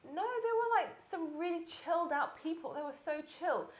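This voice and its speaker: A woman's voice: very high voice, expressive, normal speed, roomy sound. A woman co-hosting a casual live-stream chat, telling rambling stories full of fillers. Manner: chatty, rambling storyteller with many fillers. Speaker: tech show co-host.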